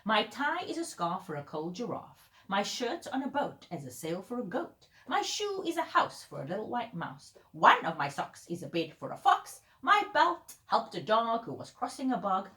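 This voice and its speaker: A woman's voice: fairly high pitch, big pitch swings, a little slow, pitched above the performer's own voice, heavily acted. Woman doing a cheerful kind giant. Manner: sing-song, bright and upbeat. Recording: roomy echo.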